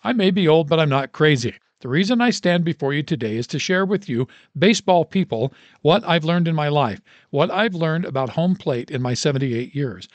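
A man's voice: animated, moderate pace, hardly any pauses, dry recording, close to an everyday voice. A man voicing a fiery old male baseball coach who lectures a crowd of coaches in an emphatic, preacher-like way. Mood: booming, preachy. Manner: booming, emphatic, preacher-like delivery.

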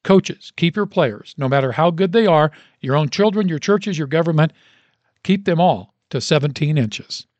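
A man's voice: expressive, moderate pace, a little mellow, dry recording, dull audio, close to an everyday voice. A man voicing a fiery old male baseball coach who lectures a crowd of coaches in an emphatic, preacher-like way. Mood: booming, preachy. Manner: booming, emphatic, preacher-like delivery.

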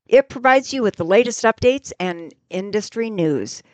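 A woman reading a radio ad with an upbeat sales pitch. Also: expressive, moderate pace, a little mellow, no room sound, muffled recording. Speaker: ad announcer. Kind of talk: read radio ad.

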